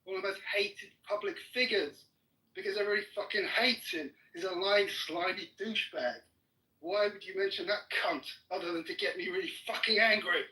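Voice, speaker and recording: A high, bright-voiced man argues in a furious rage, swearing in nearly every sentence and cutting the other person off. The sound is roomy and echoey. He is picked up from some distance from the mic. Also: a little fast. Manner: furious, swearing constantly, shouting down his opponent. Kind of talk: heated argument.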